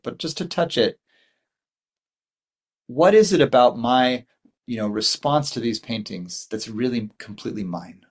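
A Buddhist meditation teacher in his forties gives a dharma talk in a mid-range voice. He's rambling and thoughtful, with many fillers and restarts.

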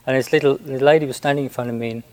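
A man who is a Buddhist monk, recounting a personal story in a gentle, hesitant way with many restarts. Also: mid-range voice, fairly even intonation, racing, rough recording.

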